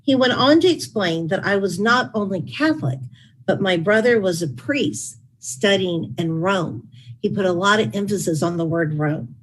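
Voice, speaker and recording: Brief: middle-aged woman, breathy and husky, mid pitch, author reading her memoir aloud with wry asides. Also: animated, moderate pace, rough recording. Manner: wry storytelling with dry asides. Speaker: author and former chief of staff. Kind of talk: reading aloud from her book at a public talk.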